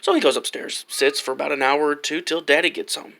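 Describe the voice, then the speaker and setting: A man's voice: fairly high pitch, steady tone, brisk, creaky, pushed and bright. A man telling a long crude joke in a rambling, profane way. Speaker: joke teller. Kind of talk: casual joke storytelling.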